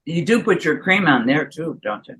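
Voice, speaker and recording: A woman's voice: sits low, animated, normal speed, a bit bright, slightly rough, low-quality recording. A woman hosting an interview, chatty and given to philosophical asides and compliments. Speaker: interview host. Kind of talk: casual chat over a remote call.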